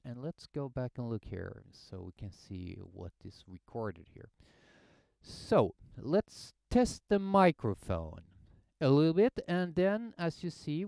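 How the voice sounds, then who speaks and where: Slow-talking guy testing gear at home, lowish voice, bounces around a lot, clean dry sound. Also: creaky, darkish tone, smooth, no room sound. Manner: explanatory, thinking aloud, hesitant. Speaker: gear reviewer. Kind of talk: casual microphone demo. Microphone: headset and studio condenser mic.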